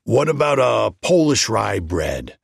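A man's voice: lowish voice, very animated, slow, vocal fry, slightly rough, dry recording, studio quality, exaggerated voice. A man voicing a chatty male baker who is eager to please.

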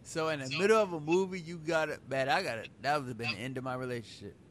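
A man in casual podcast banter, telling stories with animated, incredulous reactions. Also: fairly high pitch, fast. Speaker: co-host.

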